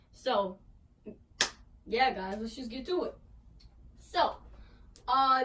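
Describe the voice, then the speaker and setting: A high-pitched, boastful cartoon tiger, voiced by a woman, rambles through a comedic storytime with a stuffed toy. He is slangy and loose, calling everyone fool and bro. The voice sits some way back from the mic. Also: fairly bright tone, slight background noise. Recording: voice distant from the mic.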